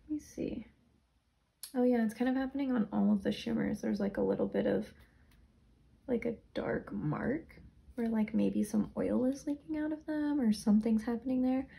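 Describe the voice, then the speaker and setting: A woman's voice: on the high side, lively intonation, normal speed, creaky, long pauses, dark tone. A young woman casually reviewing products, chatty and rambling, sounding tired. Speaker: beauty vlogger.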